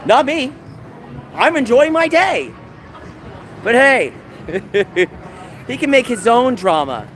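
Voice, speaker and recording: A man livestreaming from outdoors, talking to chat in an animated, mocking, sarcastic way. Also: extremely high pitch, slow, pauses often. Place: outdoors in a busy public area. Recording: outdoor street noise with passing vehicles.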